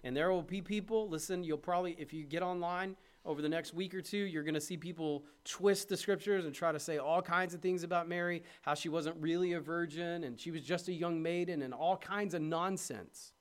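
A man delivering a sermon in a fairly high voice. He talks to the congregation in a loose, conversational way and pushes up into emphatic, raised stretches. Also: brisk, hardly any pauses. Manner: conversational preaching, rising to emphatic peaks. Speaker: pastor.

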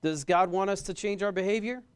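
High, clear-voiced male preacher. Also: brisk. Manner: emphatic, repeats key phrases, asks the audience questions. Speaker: pastor. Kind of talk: sermon.

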